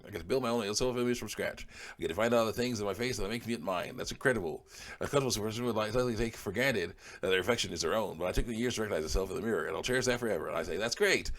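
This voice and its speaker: A man reading comments aloud and answering them in blunt, dismissive retorts, chuckling often between remarks. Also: fairly low pitch. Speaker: online commentator.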